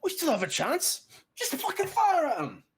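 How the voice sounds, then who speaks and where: A man voicing a gang of panicky, foul-mouthed male bandits in a tabletop game, yelling in a high-pitched frantic voice. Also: huge pitch swings, very slow, full character voice. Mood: panicked.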